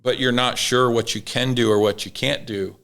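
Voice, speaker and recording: A man's voice: medium pitch, steady tone, normal speed, vocal fry, a bit bright, clean tone. A man in casual conversation, telling an emotional story with many restarts. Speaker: podcast guest.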